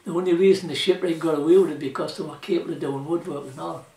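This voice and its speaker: A man's voice: on the high side, steady tone, quick pace, creaky, a little mellow. Older Geordie man reminiscing, far from mic. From South Shields, England. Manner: rambling, colloquial, with fillers like "you know" and "like". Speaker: interviewee, former shipwright. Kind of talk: oral history reminiscence. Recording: roomy echo, voice from off-mic.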